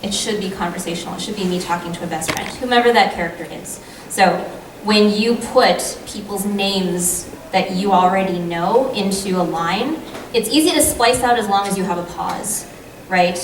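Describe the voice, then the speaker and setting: A woman's voice: mid-range voice, moderate pace. A woman voice actor answering audience questions on a convention panel in a chatty, eager way. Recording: echoey hall, distant mic, noisy crowd.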